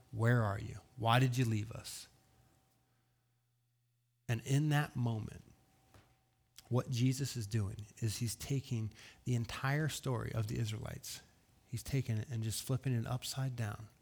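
A man's voice: mid-range voice, creaky. Earnest male pastor preaching. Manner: earnest, swings between hushed and raised delivery; asks rhetorical questions. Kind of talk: sermon.

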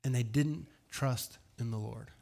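A man preaching a sermon as pastor, earnest, asking rhetorical questions and swinging between hushed words and raised emphasis. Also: mid-range voice, measured pace, creaky.

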